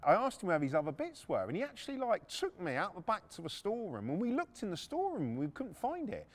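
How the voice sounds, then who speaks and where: A man's voice: sits high, wildly swooping pitch, fast. A middle-aged man, hosting a podcast and casually telling a story from his working life, blunt and swearing freely. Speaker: podcast host.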